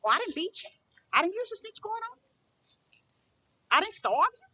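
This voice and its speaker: Bright, high, emphatic preaching woman. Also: sing-song, moderate pace. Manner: emphatic, repetitive, testifying. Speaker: spiritual teacher. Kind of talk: preaching monologue.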